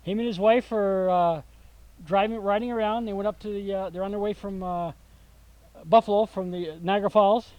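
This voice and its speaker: Older man, folksy high-voiced storyteller. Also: fairly even intonation, no echo, dull audio. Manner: folksy storyteller, halting with fillers. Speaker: vegetable stand owner. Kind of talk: casual chat on a walking tour. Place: outdoors at a rural home.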